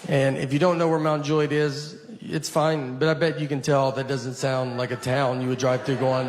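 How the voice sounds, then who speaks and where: Deadpan man doing stand-up. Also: mid-range voice, moderate pace. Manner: deadpan, self-deprecating storytelling. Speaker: stand-up comedian. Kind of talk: stand-up comedy routine. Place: theater stage before a laughing audience. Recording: live show with audible crowd.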